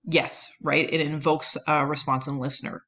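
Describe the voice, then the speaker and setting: A woman's voice: sits low, level tone, normal speed, a bit bright. A woman lecturing on anthropology, explaining at length with many fillers and "right?" checks. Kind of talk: recorded lecture.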